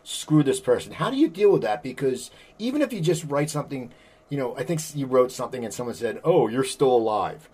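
A man's voice: mid-range voice, expressive, fast talker, a little mellow, breathy edge. A man hosting a casual interview, asking long rambling questions with lots of fillers. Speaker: podcast host.

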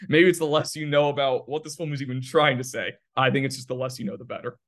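A man's voice: medium pitch, steady tone, fast, a bit bright. A man hosting a casual film podcast, rambling and joking, laughing often. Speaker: podcast host.

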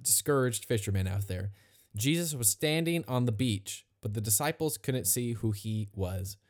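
A man teaching a Bible passage in a casual, conversational way, retelling the story with lively asides. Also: mid-range voice. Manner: conversational, animated retelling with acted quotes. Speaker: pastor.

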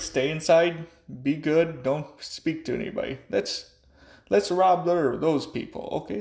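A man's voice: fairly high pitch, gravelly, a little mellow. A young man ranting angrily and profanely in a monologue. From United States. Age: young adult. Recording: echoey room.

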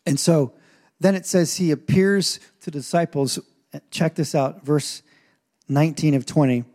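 A man who is a pastor, preaching a sermon in an animated way with asides and rising intensity. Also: fairly high pitch, unhurried. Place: church stage.

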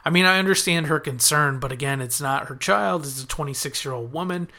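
A man's voice: a little high, brisk, pushed and bright. A man casually recapping a TV episode as a podcast host, chatting through the plot and quoting the characters in his own voice.

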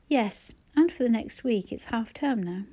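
A woman reading the part of a calm, gentle and teasing male schoolteacher in a soft, low-key voice. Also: a little slow.

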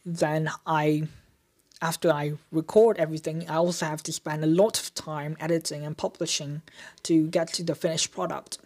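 A podcast host answering listener questions in an improvised, unedited one-take solo episode, filling pauses with "um" and correcting themself. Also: medium pitch, little pitch movement, a little mellow. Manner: frequent "um" fillers and self-corrections; chatty, self-deprecating with small laughs.

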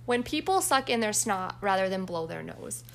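A woman's voice: medium pitch, sing-song, normal speed, gravelly, a bit bright. A young woman co-hosting a casual chat, telling family stories and talking straight to listeners with a giggly manner. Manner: storytelling, giggly, addresses listeners directly. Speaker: podcast co-host.

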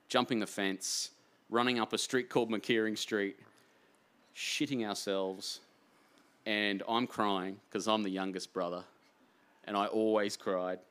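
A man with an Australian accent, an author telling heartfelt stories in an earnest, rambling way that swings between hushed and animated. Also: lowish voice, clear, resonant tone. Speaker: author guest. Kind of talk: emotional anecdotal storytelling.

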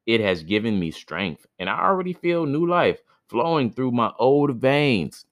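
A man's voice: medium pitch, very animated, unhurried, no room sound, studio quality. A man voicing an old sick father who cries out eagerly for more wine. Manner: eager, crying out.

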